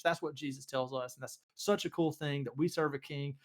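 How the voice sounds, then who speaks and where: A young man hosts a relaxed faith talk show with eager energy. He talks loosely, leaning on ums and likes as he builds up excitement. His voice sits somewhat high for a man. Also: fairly quick. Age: young adult. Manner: enthusiastic, loose, filler-heavy. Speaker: host.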